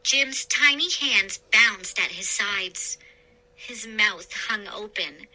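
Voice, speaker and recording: A woman narrating a spooky children's story aloud in a slow, expressive reading. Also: mid-range voice, rough recording. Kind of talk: scary story read-aloud.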